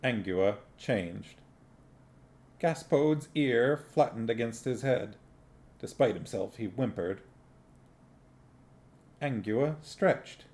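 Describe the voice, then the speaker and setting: A man reading a novel aloud on a stream, in an unhurried, plainly spoken way. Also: medium pitch, lively intonation, a little mellow. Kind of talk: book reading with casual commentary.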